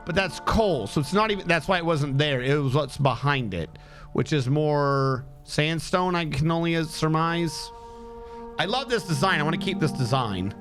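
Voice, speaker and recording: A man's voice: a little high, lively intonation, normal speed, a bit bright, soft background music. A man streaming a building game, muttering and counting tiles aloud while getting frustrated. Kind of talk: live gameplay commentary.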